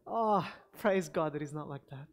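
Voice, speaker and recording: A man's voice: a little high, moderate pace. Name: none. Role: earnest male pastor preaching. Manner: earnest, exclamatory, addresses congregation directly. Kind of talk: sermon.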